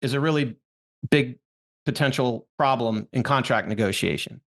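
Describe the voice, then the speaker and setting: A man's voice: mid-range voice, moderate pace, a bit bright. A man hosting an interview who tells stories and asks long, winding questions. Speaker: interview host. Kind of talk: conversational interview.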